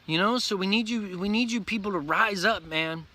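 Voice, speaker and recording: A man's voice: high voice, moderate pace, bright, forceful tone, a little hiss or hum. A man delivering an intense, profane, repetitive ranting vlog monologue, preaching at his viewers. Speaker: vlogger.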